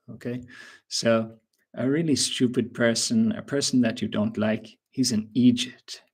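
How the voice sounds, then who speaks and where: An Irish man leads an online English lesson, going through words one at a time with a patient, unhurried delivery. His voice sits at an everyday middle pitch. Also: steady tone, darkish tone, slightly rough. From Ireland. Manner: slow, patient explanations with examples. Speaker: English teacher. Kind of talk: webinar lesson.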